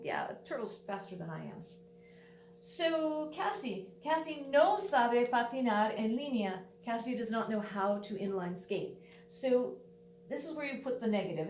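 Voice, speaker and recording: Woman teacher, patient and dryly funny, slightly high voice, faint hum behind. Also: darkish tone. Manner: patient, explains step by step, wry asides. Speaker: Spanish teacher. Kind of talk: classroom video lesson. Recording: echoey room, voice from a distance.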